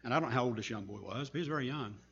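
A man preacher giving a sermon, telling a story with earnest, slow, emphatic pauses. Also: medium pitch, vocal fry, a bit bright, highs cut off, a little hiss or hum.

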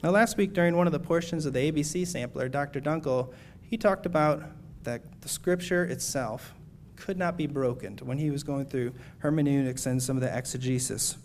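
A man delivers an earnest, measured sermon, his voice sitting a little higher than most men's. He works through scripture passages with steady conviction, reading them aloud and unpacking them for his listeners. A faint hum of the room lingers beneath him. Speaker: preacher.

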